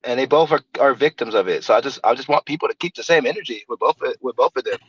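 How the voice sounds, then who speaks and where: A man's voice: medium pitch, a bit bright, breathy edge, no echo, highs cut off. A man hosting a livestream panel, chatting casually in a slangy, profane way that circles back on itself. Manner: slangy, profane, talks fast and repeats himself. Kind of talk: casual chat.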